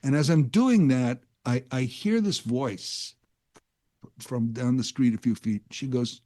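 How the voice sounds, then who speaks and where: A man hosts talk radio, his voice dark and mellow as he drifts through a casual, rambling monologue. He talks like a self-aware storyteller, admitting he's wandering off track. He sits close to a studio microphone. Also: mid-range voice, unhurried. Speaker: guest radio host.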